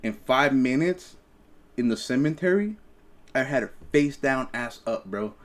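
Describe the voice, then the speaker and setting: A man's voice: mid-range voice, expressive, a little slow, background noise. Young male podcast host; rambling, profane storyteller with frequent restarts, mid-range voice. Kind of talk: casual storytelling chat.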